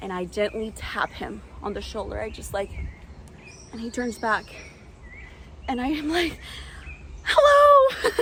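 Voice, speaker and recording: A woman's voice: medium pitch, steady tone, normal speed, gravelly, pauses often, very noisy. A young woman vlogger telling a personal story with lots of "like", gasping and squealing when she acts out her past self. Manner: peppers speech with "like".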